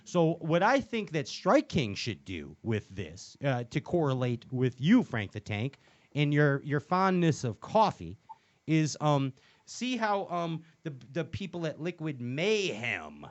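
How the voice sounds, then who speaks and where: Rambling jokey man hosting, lively pitch. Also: measured pace, muffled recording. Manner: rambling, jokey, many fillers and restarts. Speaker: show host. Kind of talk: casual comedic show chat.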